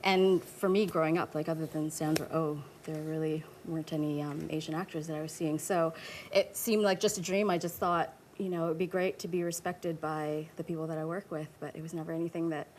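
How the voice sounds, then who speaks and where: Candid woman guest, low voice. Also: fairly even intonation, a little mellow, slight background noise. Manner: candid, quick to laugh, mimics voices in anecdotes. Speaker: actor, talk show guest. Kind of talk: casual interview chat.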